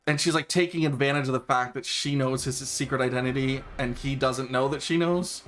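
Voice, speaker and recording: A man's voice: medium pitch, fairly even intonation, brisk, fairly bright tone. A man streaming a speedrun, rambling casually in a running chat with many fillers and restarts. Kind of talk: casual chat while gaming. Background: game music.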